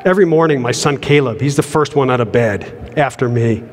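A man's voice: medium pitch, fairly quick. A middle-aged man preaching a sermon in an earnest manner, often repeating words as he builds a point, heard in a church sanctuary. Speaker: pastor. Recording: long hall reverb.

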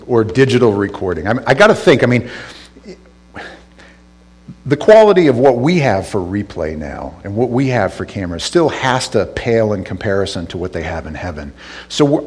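A man's voice: mid-range voice, slightly rough. A male pastor giving a conversational sermon, retelling scripture casually with asides and restarts.

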